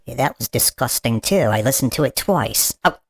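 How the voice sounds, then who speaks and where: A man's voice: medium pitch, lively intonation, moderate pace, voice pushed up. A man voicing a cranky male protester with a put-on British-style accent, grumbling and complaining. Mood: grumpy. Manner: grumpy, complaining, repeats "bloody".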